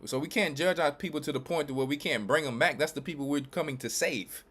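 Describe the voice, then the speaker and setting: A man from Louisiana and Texas, a church elder and pastor, giving emphatic, repetitive preaching commentary with quick restarts. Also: a little high, a bit bright, husky.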